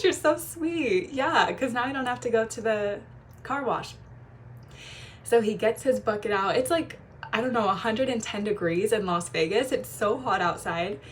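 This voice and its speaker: Young adult female coach, mid-pitched voice, animated storyteller, casual advice to camera, faint hiss behind. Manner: animated storyteller, shifts voice when quoting people. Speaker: feminine energy coach.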